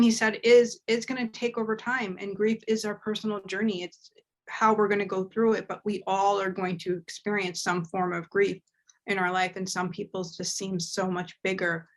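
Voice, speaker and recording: Earnest woman giving a medium reading. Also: medium pitch. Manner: emotional, earnest, relays messages from the dead. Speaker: medium and host. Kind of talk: live spiritual reading chat.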